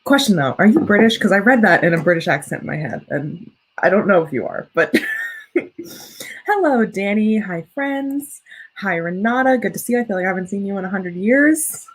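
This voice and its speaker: Rambling and self-correcting, a young American livestream host who is also a student writer reads viewer comments and chats casually. She speaks a little fast at medium pitch, with lively intonation and a husky tone, on a rough recording.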